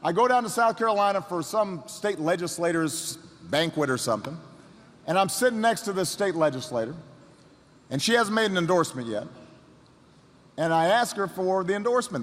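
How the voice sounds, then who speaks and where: Bright-toned man telling a story in a reverberant hall. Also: high-pitched, animated, normal speed. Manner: anecdotal, repeats phrases for effect, builds to shouts. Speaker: speaker. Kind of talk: storytelling speech. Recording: long reverb of a large hall.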